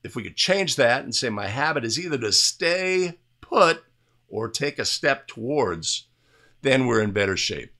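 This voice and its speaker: A man with a bright, forceful voice talks through game footage like a coach at a whiteboard. He explains each point plainly, restarts his sentences now and then, and keeps asking "right?" to bring the listener along. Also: mid-range voice, big pitch swings, measured pace, creaky. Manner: explanatory, repeatedly tags statements with "right?"; restarts and fillers while talking over video. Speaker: basketball officiating instructor. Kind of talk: video play review commentary.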